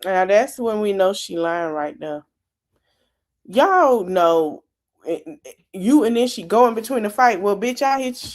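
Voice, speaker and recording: A woman's voice: medium pitch, lively intonation, measured pace, a little mellow. A woman giving casual commentary, cutting in with blunt, dismissive remarks.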